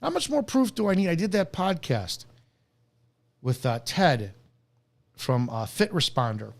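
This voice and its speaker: A man's voice: a little high, lively intonation, unhurried, vocal fry. A man who is a former police officer, hosting a live stream and delivering an angry, profane commentary rant.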